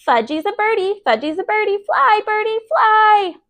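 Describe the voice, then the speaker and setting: A woman doing a babyish toddler boy, squealing high. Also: lively intonation, fairly bright tone, full character voice. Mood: gleeful. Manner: babyish, sing-song, drawn-out lisping words.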